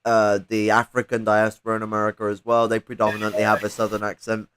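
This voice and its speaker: A man's voice: fairly low pitch, completely flat delivery, fast talker, fairly bright tone, slight background noise. A man co-hosting a casual political chat stream, talking in a profane, rambling way with lots of fillers. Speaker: livestream co-host.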